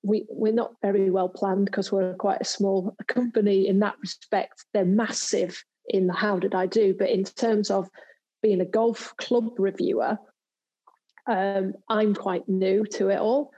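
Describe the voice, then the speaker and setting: A woman's voice: medium pitch, steady tone, measured pace, warm tone, slightly rough, muffled recording. A woman from England, a former pro golfer and TV presenter, chatting in an interview and telling stories with lots of fillers and restarts. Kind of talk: casual interview chat.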